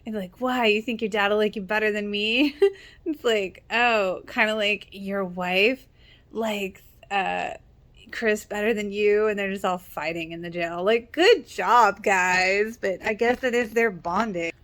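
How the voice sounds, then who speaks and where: A woman's voice: medium pitch, unhurried, fairly bright tone. A young woman casually recapping a TV episode, sarcastic and chatty, acting out the characters' lines as she goes. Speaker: TV show reaction vlogger.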